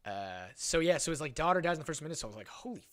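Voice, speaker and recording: A man's voice: a little high, lively intonation, very fast, fairly bright tone. A young man hosting a podcast, telling rambling stories in casual chat, swearing and full of fillers. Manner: rambling storyteller, swears a lot, many fillers. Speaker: podcast host.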